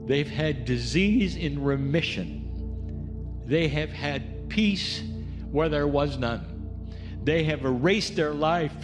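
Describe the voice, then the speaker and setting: A man talking a group through a slow guided meditation as a spiritual channeler, speaking straight to his listeners. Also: a little high, in a large hall, over music.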